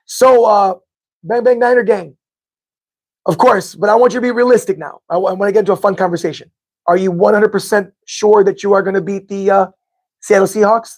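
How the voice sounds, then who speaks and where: A man's voice: sits high, a little mellow. A man hosting a live sports fan podcast, chatting casually with viewers, rambling and repeating himself as he corrects his own figures. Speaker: podcast host reading live chat.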